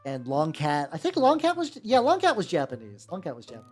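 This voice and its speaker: Lively rambling woman streamer. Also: sits low, quick pace. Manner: rambling and chatty, swears freely, restarts often. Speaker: miniature painting streamer. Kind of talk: casual livestream chat while painting. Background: faint background music.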